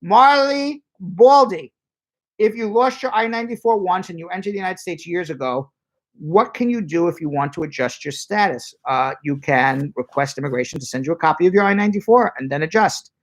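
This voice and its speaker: A man who is an immigration lawyer, hosting a live-stream Q&A and reading viewer questions aloud in a brisk, chatty way. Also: high voice, animated. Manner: brisk and chatty, spells out phone numbers slowly.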